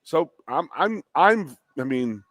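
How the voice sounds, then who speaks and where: A man co-hosting a sports talk show, getting animated and worked up, with lots of restarts. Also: on the high side, slow, no room sound. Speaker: co-host, former player.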